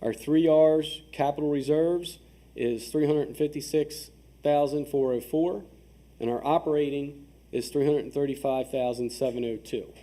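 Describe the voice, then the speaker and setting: A man's voice: fairly high pitch, steady tone, unhurried, mellow. A man presenting town finances at a public work session, methodical and checking in often, with some restarts while reading numbers. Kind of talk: explaining budget figures at a public work session. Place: town meeting room.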